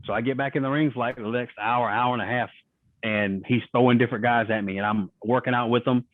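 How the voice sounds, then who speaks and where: A man telling stories on a podcast, his voice coming through a thin, phone-like line that is dry and close. He speaks in a middle pitch and acts out the lines of the people he quotes as he goes. The talk is casual and relaxed. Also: quick pace, dry recording. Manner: animated storyteller acting out quoted voices. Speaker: guest, retired wrestler. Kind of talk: casual interview storytelling.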